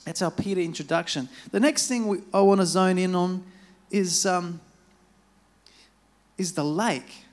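A man's voice: high voice, a little slow, pauses often. A man giving a sermon in a chatty, storytelling way, speaking into a microphone in a church. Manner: casual, chatty retelling with acted-out quotes. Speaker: preacher.

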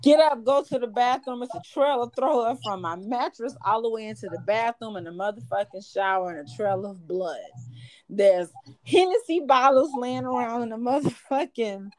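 Brash high-voiced woman telling a story. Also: normal speed, no echo, low-quality recording. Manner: profane, brash, animated, laughs through the story. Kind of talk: casual storytelling.

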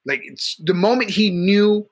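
A man's voice: high-pitched, expressive, a little slow. A man co-hosting a casual podcast, telling profane stories and laughing often. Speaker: podcast co-host. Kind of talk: casual crude podcast banter.

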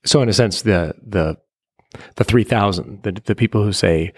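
A man's voice: fairly low pitch, normal speed, husky, dry recording, studio quality. A man interviewing in a conversation, summarizing and building on what his guest has said.

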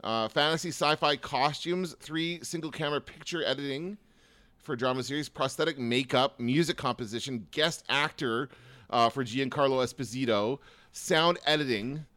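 A man's voice: mid-range voice, normal speed, sharp tone, no room sound. A man co-hosting a casual chat about TV awards, rambling and hesitant with many fillers. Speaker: podcast co-host.

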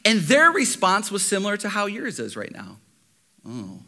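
Male pastor, high bright voice, lively sermon delivery that leans on rhetorical questions. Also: brisk. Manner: animated preaching with rhetorical questions and repetition.

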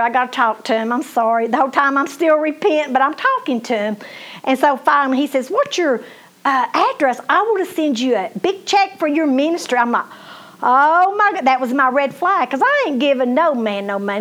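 Woman, middle-aged, minister, high voice, folksy emphatic sermon, direct address. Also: fairly bright tone. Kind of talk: testimony sermon.

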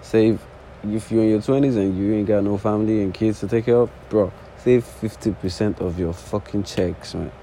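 A young man in his early twenties with an accent talks off the top of his head in a low, warm, relaxed voice. He rambles, restarts his sentences and swears casually. A faint background noise sits under the recording. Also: normal speed, few pauses, poor audio. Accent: non-native English accent. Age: early 20s. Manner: rambling, casual, swears often, repeats false starts. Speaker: podcast host. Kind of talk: unscripted solo monologue. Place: sitting on the floor indoors.

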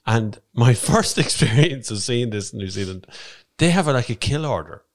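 A man telling anecdotes in casual podcast chat, lively and swearing. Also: medium pitch, moderate pace. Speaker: podcast co-host.

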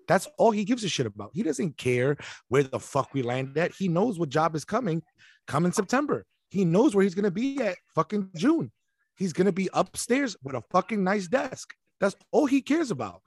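A man's voice: a little high, sing-song, normal speed, no room sound. A man in a casual podcast chat, ranting bluntly with lots of swearing. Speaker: podcast co-host.

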